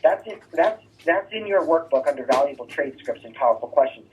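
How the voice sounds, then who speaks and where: A man gives a real estate sales lesson in a coaching tone, tossing in quick "right?" checks as he walks through his scripts. His voice sits a little high for a man. The recording is narrow and phone-like, and he sounds set back from the microphone. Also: animated. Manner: coaching, rhetorical "right?" asides. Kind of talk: sales training talk. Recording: thin phone-like distant sound.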